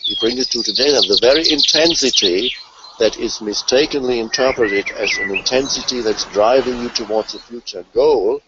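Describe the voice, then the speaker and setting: A man giving a reflective spiritual talk, measured and contemplative with pauses. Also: mid-range voice. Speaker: spiritual teacher. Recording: lo-fi, with loud background noise.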